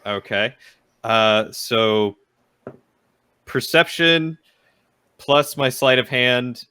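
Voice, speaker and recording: A man's voice: mid-range voice, drawn-out words, pushed and bright, clear, resonant tone, no echo. A man playing a tabletop game, stammering deferentially in character. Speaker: player.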